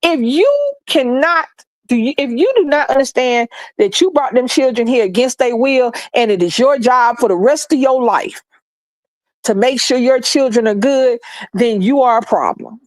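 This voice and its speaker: A woman's voice: on the high side, lively intonation, normal speed, no room sound. A middle-aged woman, ranting bluntly and heatedly with lots of profanity and repetition for emphasis. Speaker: streamer sharing opinions. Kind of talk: passionate ranting monologue.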